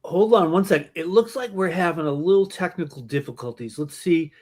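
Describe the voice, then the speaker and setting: A man's voice: a little high, a little fast, a little mellow. A man hosting a podcast in casual chat, telling a joking story with many restarts. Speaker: podcast host.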